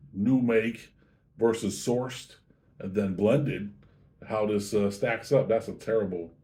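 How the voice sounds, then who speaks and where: A man's voice: lowish voice, mellow. A man hosting his own whiskey review show, chatting casually and easygoing as he tastes and describes a drink. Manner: chatty, easygoing, self-correcting.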